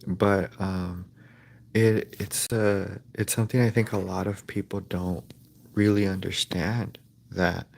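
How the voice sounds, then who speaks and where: Male streamer, lowish voice, deadpan rambling comic host, mock-ad patter. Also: slow, creaky. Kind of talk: improvised comedic livestream rant.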